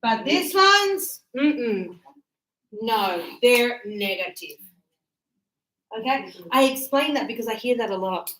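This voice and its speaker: A woman teaching English grammar to learners, animated and acting out short dialogues as examples. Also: on the high side, takes it slowly. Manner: animated, acts out little dialogues to illustrate usage. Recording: echoey room.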